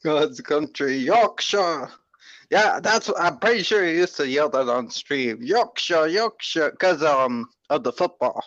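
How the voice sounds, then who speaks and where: A man's voice: a little high, animated, unhurried, fairly bright tone, dull audio. A man hosting his own stream in casual chat. He is laid-back and joking and tends to drawl. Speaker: streamer host.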